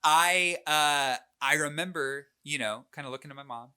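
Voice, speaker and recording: A man in his late twenties, a podcast co-host, telling a personal story in casual chat, animated and self-deprecating, with lots of fillers and restarts. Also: fairly high pitch, moderate pace, smooth.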